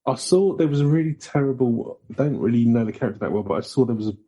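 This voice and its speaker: Fast-talking husky-voiced man. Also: medium pitch. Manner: excitable, rambling, many restarts. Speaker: podcast co-host. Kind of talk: casual comedic chat.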